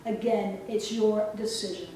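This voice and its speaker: A woman coach giving a motivational talk and leading a guided exercise with slow, emphatic, soothing instructions. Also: medium pitch, steady tone, dark tone. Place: event hall. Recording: roomy echo from far off, faint noise.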